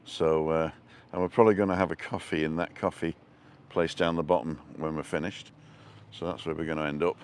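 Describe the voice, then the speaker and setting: A man's voice: a bass voice, steady tone, fairly quick, slight background noise. A middle-aged man live-streaming a walking tour outdoors, chatting and greeting viewers by name from a handheld phone. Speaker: vlogger. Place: outdoors on town streets.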